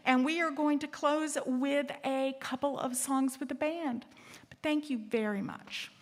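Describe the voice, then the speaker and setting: A woman's voice: sits high, steady tone, a little slow. A woman hosting an assembly, telling a candid, funny story to a live audience and asking them questions. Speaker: assembly host. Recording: reverberant hall.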